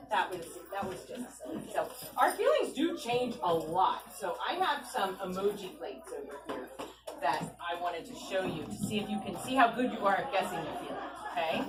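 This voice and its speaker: A woman's voice: medium pitch, moderate pace, distant mic, over music. A woman author doing a storytime reading for children at an ice cream shop, coaxing them with questions. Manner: animated, coaxing, keeps asking the kids questions. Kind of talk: read-aloud storytime with children. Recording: echoey shop room, voice from afar, clear chatter.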